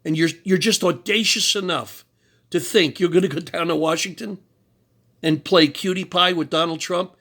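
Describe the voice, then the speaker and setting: A man's voice: sits high, moderate pace, pushed and bright. A man giving a combative, mocking political rant, lecturing his target about sin. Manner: preachy, invokes God and sin. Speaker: political commentator. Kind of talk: ranting commentary.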